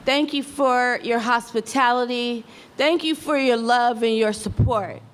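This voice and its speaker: A woman with a high voice speaks to a gathering about a painful loss. She is heartfelt and tries to stay composed. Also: a little slow. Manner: tearful at times, heartfelt, fighting to stay composed. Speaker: grieving mother speaking at a public meeting. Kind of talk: emotional public statement.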